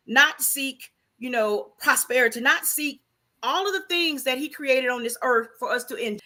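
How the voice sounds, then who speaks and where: High-pitched woman with a forceful edge; emphatic, faith-driven conversational speaker. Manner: emphatic, preachy, repeats rhetorical questions. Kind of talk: casual faith-based conversation.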